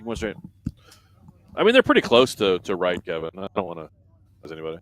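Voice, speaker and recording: Male live race commentator, somewhat low voice, relaxed chatty delivery. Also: fast talker, background noise. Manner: chatty, reads out standings and viewer comments. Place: commentary booth at an outdoor race event.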